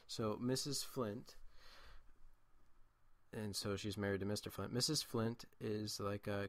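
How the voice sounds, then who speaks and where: A teenage guy chats over his gameplay in a low voice. He rambles through a school story with constant asides and restarts. His voice is dry and close, with no room sound. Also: fairly even intonation, measured pace, pauses often, a bit bright, no echo. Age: late teens. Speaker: gameplay commentator.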